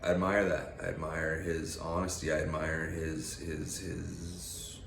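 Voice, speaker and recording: Deep-voiced man ranting bluntly. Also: little pitch movement, unhurried, vocal fry, roomy sound, background noise. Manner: profane, blunt, fired up. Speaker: vlogger. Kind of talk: casual motivational rant.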